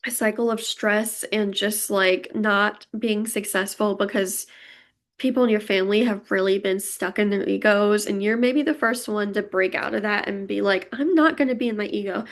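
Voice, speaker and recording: A woman's voice: medium pitch, fairly even intonation, moderate pace. A young woman giving a pick-a-card tarot reading, emotional and gushing as she talks straight to her viewers. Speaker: tarot reader.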